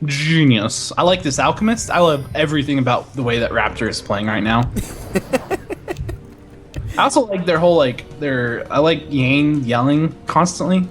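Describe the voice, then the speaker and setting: A man's voice: a little high, soft background music. Hyped guy casting a game match, voice jumps all over, rambles and laughs a lot. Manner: excitable, rambling, quick to laugh. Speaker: esports caster. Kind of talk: game commentary.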